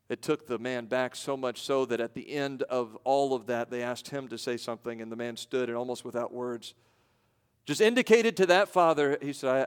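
A pastor from the United States delivering a sermon, moving between raised emphasis and hushed, low-spoken passages with rhetorical questions. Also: male voice, normal speed, clean tone. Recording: long reverb of a large hall.

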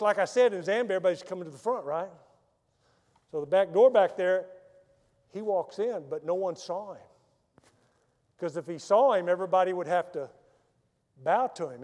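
A man preaching a sermon as a missionary, telling stories dramatically and swinging from loud emphatic lines to hushed soft ones. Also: high voice. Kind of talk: sermon with personal storytelling. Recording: long reverb of a large hall.

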